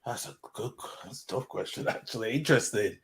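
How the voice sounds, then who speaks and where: A man with an average voice answers quiz questions, musing out loud. He lets his words trail off quietly as he thinks. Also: medium pitch, fairly quick. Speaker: quiz contestant. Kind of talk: casual chat.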